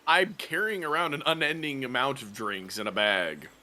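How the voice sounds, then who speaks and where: A man's voice: medium pitch, normal speed, sharp tone. A man playing a tabletop game, brash and joking, with crude humor. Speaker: player.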